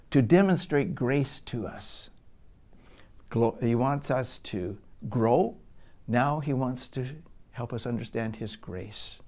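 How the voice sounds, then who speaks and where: A middle-aged pastor preaching a sermon, building to loud emphatic peaks and dropping to hushed, near-whispered lines. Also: male voice, mid-range voice.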